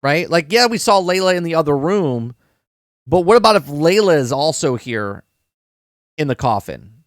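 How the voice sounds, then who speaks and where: A man's voice: fairly high pitch, very animated, normal speed, no echo, studio quality. Chatty man rambling through a show review. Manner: rambling, repeats words, addresses chat, swears casually. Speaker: podcast host reviewing a TV episode. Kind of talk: casual live-stream review.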